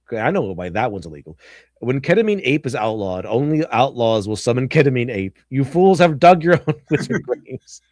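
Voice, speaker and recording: A man chats loosely through a livestream, giggling at memes and breaking into goofy voices. His pitch swings up and down all the time. The sound is close and dry, with no room around it. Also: sing-song, brisk, a little mellow, no echo. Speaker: stream host. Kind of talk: casual livestream chat reacting to memes.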